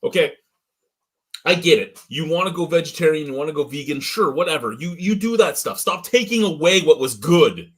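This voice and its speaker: A man with a slightly high, husky, somewhat bright voice co-hosts a casual beer review show, speaking animatedly at normal speed. He rants with lots of swearing and gets worked up.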